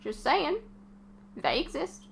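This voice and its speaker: A woman's voice: high-pitched, huge pitch swings, slow, vocal fry. A woman hosting a reaction video, chatting casually and exclaiming back at the screen.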